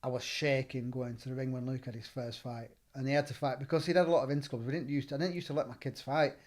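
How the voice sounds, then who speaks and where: A middle-aged man with a Northern English accent, telling stories in a relaxed chat as a gym owner and trainer, acting out the lines he quotes. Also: mid-range voice, fast. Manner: animated, acts out quoted dialogue. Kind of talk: casual storytelling.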